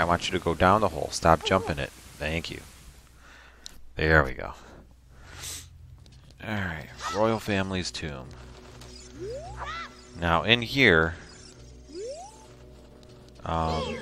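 A man hosting a video game playthrough at home, chatting casually with sudden excited yelps. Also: low voice, slow, pauses often, faint music behind. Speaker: host.

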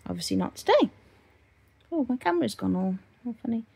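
A woman's voice: a little high, big pitch swings, fairly quick, gravelly, a little mellow, husky. A woman vlogging about crochet in a casual, rambling way, often talking sing-song to her dogs. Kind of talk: casual chat to camera.

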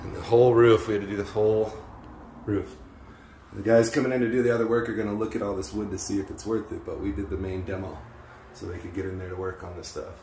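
A man's voice: on the low side, flat delivery, fast, slight background noise. A man casually filming a demolition job, touring the gutted rooms and joking as he goes. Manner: jokey, laughs often, exclaims loudly. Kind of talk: casual vlog walkthrough. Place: inside a gutted house. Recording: echoey empty room, faint ambience.

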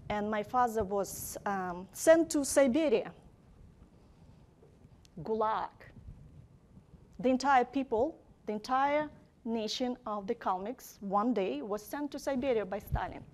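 A woman giving an academic lecture, speaking deliberately and emphatically, often posing rhetorical questions. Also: fairly high pitch, a little mellow.

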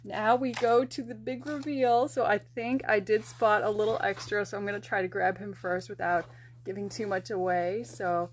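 A young woman from the United States hosting an unboxing vlog, gushing and excitable, with frequent restarts and gasps. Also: mid-range voice, moderate pace, a little hiss or hum. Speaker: plush collector and vlogger.

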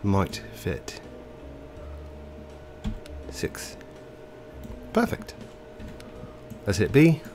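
Slow-talking man with put-on English accent. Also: lowish voice, huge pitch swings, a little mellow, a little hiss or hum. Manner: hesitant, with frequent ums and self-corrections. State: stuffy, congested nose. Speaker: let's play host. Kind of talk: game commentary.

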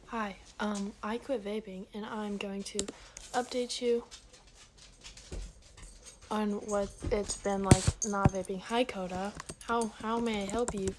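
Slow-talking, chatty woman vlogging. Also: medium pitch, fairly even intonation, background noise. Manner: chatty, easily distracted, giggly. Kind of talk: casual vlog update.

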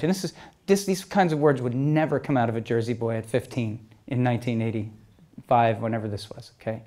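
A man's voice: mid-range voice, brisk, mellow. A man giving a conversational storytelling talk, acting out exchanges as dialogue and checking in with his listeners. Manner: keeps checking in with "okay?" and "you know?"; re-enacts exchanges as quoted dialogue. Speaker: speaker telling stories to an audience.

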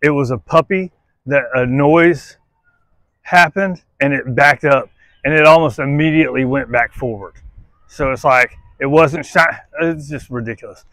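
A male dog trainer giving casual, on-the-spot commentary while he works a dog, blunt and quick to swear, tagging his points with "right?" and switching to a high coaxing voice for the dog. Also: fairly bright tone, no room sound. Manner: blunt, tags sentences with "right?", swears freely; coaxes the dog in a much higher voice between explanations. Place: outdoors at a playground jungle gym.

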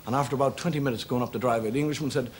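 A middle-aged Irish man doing stand-up, telling jokes in a wry storytelling manner and slipping into quick character voices. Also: mid-range voice, steady tone, slight background noise. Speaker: comedian.

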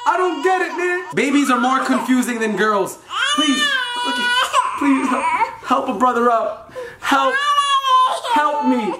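Animated young man vlogging, roomy echo. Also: very high-pitched. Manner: animated, exasperated, slangy. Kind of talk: casual vlog to camera. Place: at home and out in a garden. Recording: roomy echo, loud background noise.

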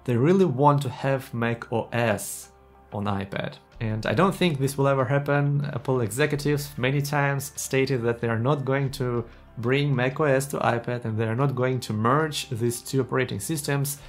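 Man, tech vlogger, earnest, enthusiastic, medium pitch, faint guitar music underneath. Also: normal speed. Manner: non-native phrasing, earnest and enthusiastic. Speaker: tech YouTuber. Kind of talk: casual vlog talk to camera.

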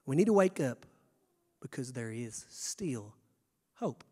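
A young man preaching a sermon, stammering on restarts and swinging from hushed to shouting. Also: medium pitch, sing-song, takes it slowly, slightly rough. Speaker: pastor. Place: church sanctuary. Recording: long church reverb.

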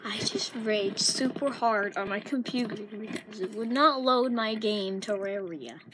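A woman's voice: medium pitch, unhurried, background noise. A woman vlogger ranting to camera in a frustrated, insulting way and swearing mildly. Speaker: gaming vlogger. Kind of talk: angry rant to camera.

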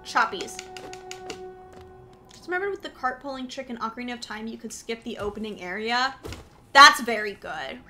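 Woman streamer, silly and animated, high pitch, casual gaming chat. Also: fairly quick, pauses often, faint music behind. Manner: playful, silly, talks to chat.

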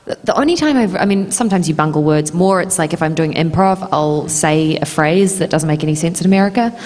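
A woman's voice: deep voice, steady tone, brisk, darkish tone. A woman with a New Zealand accent speaking casually as a guest on a convention panel, chatty and laughing often. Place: large convention hall. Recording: reverberant convention hall PA.

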